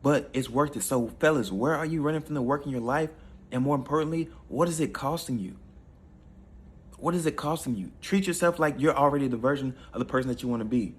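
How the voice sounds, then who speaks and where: A man's voice: mid-range voice, fairly quick, breathy edge. A man coaching his listeners through a motivational monologue, preachy and repetitive, calling them fellas. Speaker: self-improvement coach.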